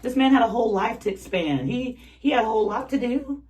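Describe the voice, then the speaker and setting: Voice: mid-range voice, fairly quick, low-quality recording. Chatty, slangy tarot reader. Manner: animated, slangy, chatty with frequent laughs. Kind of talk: casual tarot reading to camera.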